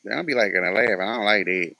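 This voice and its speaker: A man's voice: on the low side, fast talker, creaky, bright, forceful tone, dry recording. A man ranting casually to camera in a sassy, sarcastic way, swearing freely. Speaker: vlogger.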